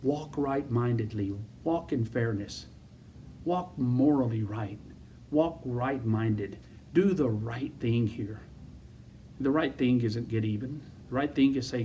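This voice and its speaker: A man's voice: medium pitch, a little slow, mellow, distant mic, slight background noise. A man preaching a sermon as pastor, emphatic and repetitive, full of rhetorical questions.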